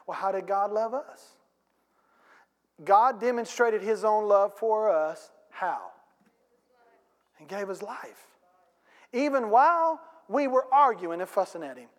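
Pastor, man, high-pitched, folksy emphatic preacher, church hall reverb. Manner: folksy preaching with casual grammar; emphatic, rising to loud peaks. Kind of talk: sermon. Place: church sanctuary.

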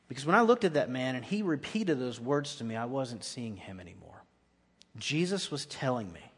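A man preaching a guest sermon in a church, earnest and dropping to quiet intensity at key points. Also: medium pitch, lively intonation, normal speed. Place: church sanctuary. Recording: long echoey hall reverb.

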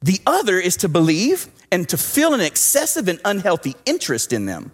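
With soft music playing in the background, a man preaching from a Southwest Texas pulpit recounts a personal story, his delivery swinging animatedly from loud to hushed. His voice is high and his pace fairly quick.

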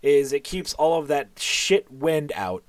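A man's voice: fairly high pitch, very animated, a little slow, dry recording. A man narrating as game master of a tabletop game, loose and casual, with plenty of fillers and the odd curse.

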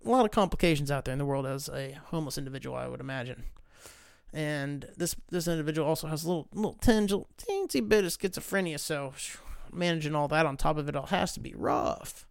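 A man hosting a podcast, telling comic stories in a profane, rambling, animated way. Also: a little high, fast talker, vocal fry, smooth, no echo, studio quality. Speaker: podcast host. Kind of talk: casual comedic storytelling monologue.

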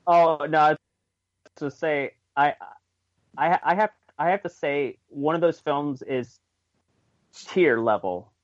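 A man's voice: a little high, slow, long pauses, no echo. Hesitant man, dry dull recording. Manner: hesitant, restarts, many fillers. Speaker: podcast co-host. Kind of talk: casual chat.

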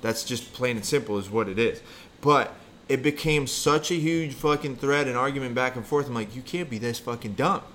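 A man's voice: mid-range voice, normal speed, fairly bright tone, a little hiss or hum. A man in casual podcast chat, blunt and emphatic, swearing often as he argues his point.

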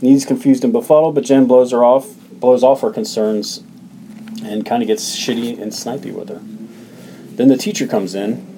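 A man's voice: mid-range voice, normal speed, slight background noise, rough recording. A man co-hosting a podcast, casually recapping a film's plot with plenty of uhs and likes. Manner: relaxed storytelling, hedges with uh and like. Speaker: podcast co-host recapping the film.

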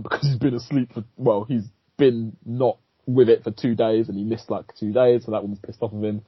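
A man's voice: mid-range voice, slightly rough, no echo, lo-fi sound. A man, a podcast co-host recapping a TV episode in rambling casual chat, swearing and laughing as he goes.

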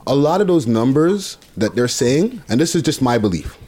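A man's voice: medium pitch, very animated, normal speed, background noise. A man hosting a casual podcast who steers the talk from topic to topic in a loose, chatty way. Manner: drives the topics, loose and chatty, many fillers. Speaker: podcast host. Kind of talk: casual chat.

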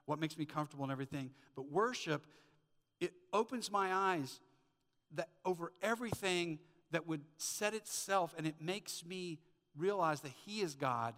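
A high-pitched man pastor delivers an emphatic sermon full of stories and rhetorical questions. His voice is bright and sharp, and a long reverb hangs in the large church hall around him. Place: church sanctuary.

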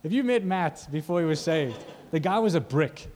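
A man's voice: fairly high pitch, expressive, moderate pace, a little mellow. A male preacher giving a conversational sermon, often asking the congregation questions.

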